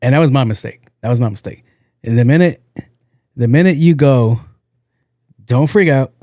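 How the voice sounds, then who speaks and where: A young man hosting a podcast, telling a story in a loose, animated way, acting out the people in it and laughing along. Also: medium pitch, a little fast, no room sound, clean studio sound. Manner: animated, acts out quotes, laughs at own story. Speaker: podcast host. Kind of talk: casual comedic storytelling.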